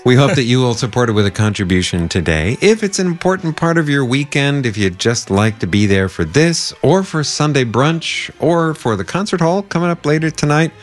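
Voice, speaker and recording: A radio host with an animated, sing-song announcer's voice makes a pledge-drive appeal. Soft music plays faintly behind him in the studio broadcast. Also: male voice, mid-range voice, a little fast, few pauses. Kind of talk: on-air fundraising appeal.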